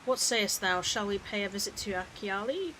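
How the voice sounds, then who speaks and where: A woman voicing a formal adventurer who speaks in old-fashioned English, reading it slowly and deliberately. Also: medium pitch, lively intonation, bright, forceful tone, slight background noise, rough recording. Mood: solemn. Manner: slow deliberate reading with stumbles over the old words.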